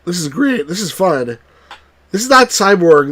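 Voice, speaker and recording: A man from New Jersey chatting wryly through a live game stream, now and then cheering out loud. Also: high voice, measured pace, husky. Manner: chatty, wry, bursts into excited cheers. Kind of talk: live let's-play commentary.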